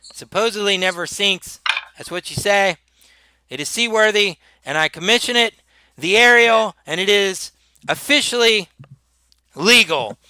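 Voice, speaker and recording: A man's voice: sits high, measured pace, bright, forceful tone, smooth, no echo, pitched above the performer's own voice, full character voice. A man voicing a pompous, fussy male noble lord who gives grand speeches in a tabletop game.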